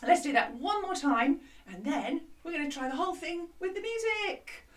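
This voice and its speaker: A woman who is a music teacher, leading a lively children's music lesson from a hut, with a bright, encouraging, sing-song way of talking. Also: extremely high pitch, moderate pace. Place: outdoor classroom hut. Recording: slightly distant mic with music behind.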